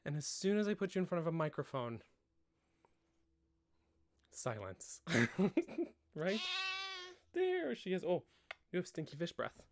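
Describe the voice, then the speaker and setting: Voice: medium pitch, very animated, unhurried, long pauses, darkish tone, no echo. A streamer chatting casually during a live game stream at home, laughing often and talking to both the chat and a pet cat. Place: home room.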